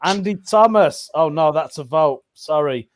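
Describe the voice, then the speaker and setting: Giggly, high-voiced man reading jokes. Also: animated, unhurried, noisy background. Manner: giggly, chatty, reads jokes aloud. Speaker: co-host reading listener jokes.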